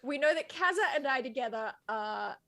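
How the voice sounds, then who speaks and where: A woman's voice: sits high, animated, normal speed, a bit bright. A woman playing a tabletop game, joking playfully with the group. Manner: playful, jokey. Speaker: player.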